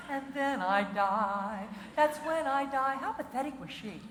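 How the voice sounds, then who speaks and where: A woman giving a comedic motivational keynote, playful and animated, breaking into song now and then. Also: high voice, a little slow, hardly any pauses. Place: large auditorium with audience. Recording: echoey hall, faint noise.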